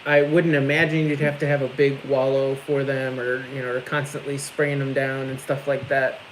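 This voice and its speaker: A man's voice: mid-range voice, level tone, normal speed, slight background noise, rough recording. A young man with a Midwestern American accent, co-hosting a farm livestream in casual, rambling chat. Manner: rambling, lots of likes and restarts.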